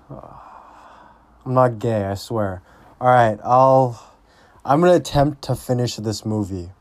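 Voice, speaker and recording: A man's voice: mid-range voice, unhurried, no room sound. A man recapping a movie in a casual, rambling way, blunt and full of swearing. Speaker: movie reviewer.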